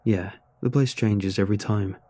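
A man's voice: on the low side, steady tone, moderate pace, dark tone, close to an everyday voice. Man voicing a blunt wry seasoned man.

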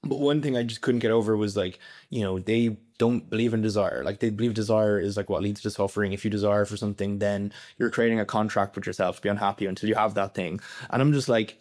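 Young irish guy, kinda low voice, talks super fast, rambling, tons of "like". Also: steady tone, darkish tone. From Ireland. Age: young adult. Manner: rapid, rambling, heavy use of "like" and "you know". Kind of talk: casual podcast interview.

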